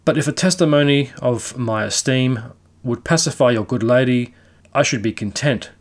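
Ghost pirate captain, read by a man, courtly and unhurried, storybook tone. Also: medium pitch, natural voice. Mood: cool, courtly. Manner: polite, unhurried gentleman's speech.

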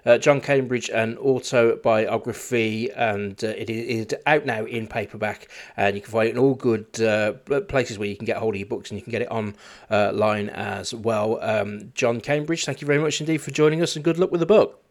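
A man's voice: fairly low pitch, normal speed. A man hosting a local radio show, interviewing a guest with many fillers and restarts, then reading the news.

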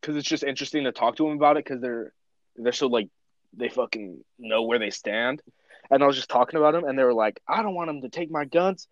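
A man's voice: medium pitch, quick pace, no room sound, dull audio. A young man chatting casually, telling rambling stories full of slang and swearing. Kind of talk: casual chat.

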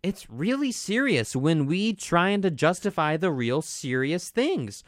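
Guy reading out an angry fan yelling in broken english, pitched way up, lively. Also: no echo, clean studio sound. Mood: outraged. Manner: indignant, rapid scolding. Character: furious devoted fan, broken English, shouting insults.

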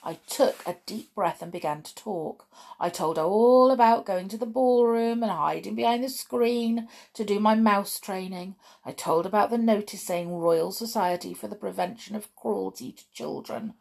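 A woman reads a children's book aloud, telling the story at a steady pace. Her voice has a gravelly edge, and she lifts it to bring out the exciting moments. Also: medium pitch, normal speed.

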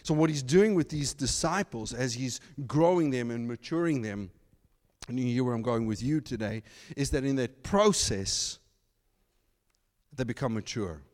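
A man preaching a sermon as pastor, animated, slipping into mocking asides in put-on voices. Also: medium pitch, normal speed, in a large hall. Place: church.

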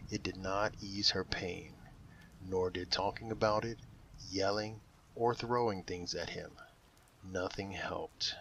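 Deep-voiced man narrating a dramatic story. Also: pushed and bright, slight background noise, poor audio.

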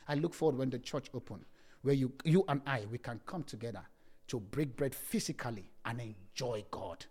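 A man's voice: medium pitch, moderate pace, dark tone, breathy edge. A young adult male pastor preaching a sermon, reading scripture aloud and telling humorous personal stories to his congregation. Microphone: streamed service mic.

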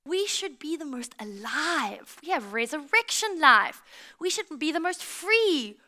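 A South African woman preaching a sermon, telling stories in a lively way and speaking straight to her congregation. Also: sits high, a little slow. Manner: lively storytelling, addresses the congregation directly.

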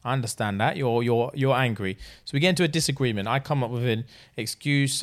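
A man's voice: medium pitch, fast talker, few pauses. Young guy ranting on a podcast, swears loads, heavy slang. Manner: profane, animated ranting, slangy. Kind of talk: casual chat.

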